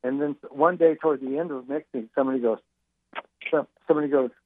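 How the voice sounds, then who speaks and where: A man's voice: mid-range voice, steady tone, quick pace. Older man musician on a phone line. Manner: rambling, many fillers and restarts. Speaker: musician guest. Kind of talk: interview over the phone.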